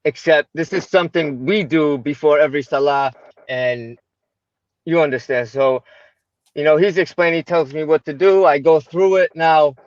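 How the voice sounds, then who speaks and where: American guy, raised pitch, dry close sound, chatty storyteller full of fillers and tag questions, voices the other people in his story. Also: normal speed, no room sound. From United States. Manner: animated, retells dialogue, many fillers and tag questions. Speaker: livestream guest. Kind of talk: personal storytelling in conversation. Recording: dull lo-fi livestream audio.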